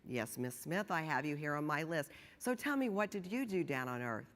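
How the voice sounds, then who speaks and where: A woman voicing a genial male saint who judges souls at heaven's gate, in jovial storytelling with drawn-out emphasis. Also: low-pitched, animated, fairly bright tone. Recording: long hall reverb.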